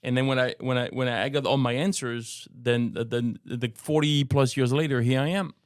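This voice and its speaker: A middle-aged man with a French accent talks earnestly on a podcast, stopping to repeat words as he finds his phrasing. His voice sits at an ordinary pitch in a dry, close room. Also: steady tone, normal speed, no room sound. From France. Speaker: co-host, apologetics teacher. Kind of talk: casual podcast discussion.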